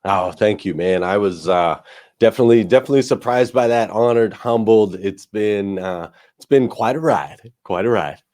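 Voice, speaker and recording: Energetic man telling a story. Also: lowish voice, moderate pace. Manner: energetic, calls people man. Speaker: guest speaker. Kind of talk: storytelling talk.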